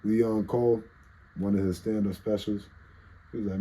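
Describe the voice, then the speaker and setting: A man with a low, very mellow voice, husky and nasal from allergies. He tells a casual storytime monologue that wanders and stays profane. He keeps interrupting himself to comment on his own tangents. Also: level tone, normal speed, pauses often, poor audio. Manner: rambling, profane, self-interrupting. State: congested with allergies. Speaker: vlogger telling stories.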